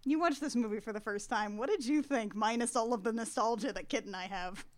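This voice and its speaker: A woman hosting a podcast in casual chat, playful and animated, laughing often. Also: on the high side, fairly quick. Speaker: podcast host.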